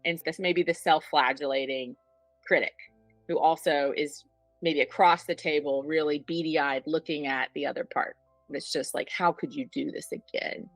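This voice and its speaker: A woman's voice: low voice, fairly even intonation, normal speed, no echo, soft background music, poor audio. A woman therapist on a panel, explaining ideas with vivid acted-out examples. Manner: explanatory, illustrative, acts out examples. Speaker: couples therapist. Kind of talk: panel discussion.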